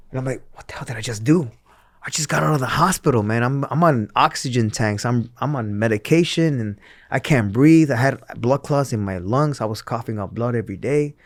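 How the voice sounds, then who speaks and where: A man's voice: mid-range voice, normal speed, no room sound, clean studio sound. A man in his thirties, a former wrestler and interview guest, telling his story candidly with many fillers, restarts and acted-out quotes.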